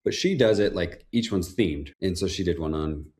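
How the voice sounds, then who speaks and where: A man's voice: low voice, moderate pace, a little mellow. A man who is a home builder, speaking as a guest in a casual interview in an easygoing, conversational way. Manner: easygoing, conversational, laughs easily.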